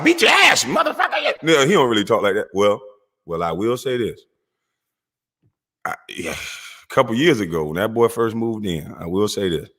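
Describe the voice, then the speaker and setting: A middle-aged man telling a comic story about his family, profane and animated, laughing often. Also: lowish voice. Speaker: vlogger. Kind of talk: comedic storytelling monologue. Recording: long echoey reverb.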